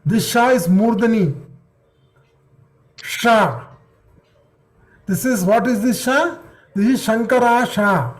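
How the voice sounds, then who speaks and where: A man's voice: high voice, slow, long pauses. A man teaching an online class. He repeats syllables patiently and checks that the students follow. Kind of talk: online class drilling pronunciation.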